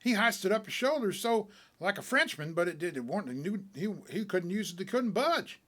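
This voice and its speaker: Animated folksy male storyteller. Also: sits high, moderate pace. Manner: folksy, animated tall-tale telling. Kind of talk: dramatic reading of a short story.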